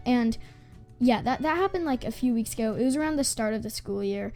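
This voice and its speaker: A woman's voice: fairly high pitch, animated, brisk, darkish tone, soft background music. A female gaming channel host telling a school story in a casual, rambling way, full of "like" fillers and restarts.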